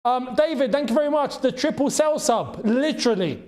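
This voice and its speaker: A young man hosting a live football watchalong, reacting to the match, shouting at big chances, groaning at misses and thanking viewers in the chat. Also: very high-pitched, lively intonation, normal speed. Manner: chatty, reads out and thanks chat members.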